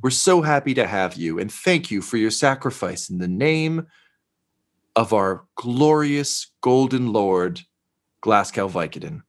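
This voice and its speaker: A man's voice: on the low side, lively intonation, measured pace. A man voicing an eager, fawning female shop attendant in a tabletop game. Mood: effusive. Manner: effusive, salesy.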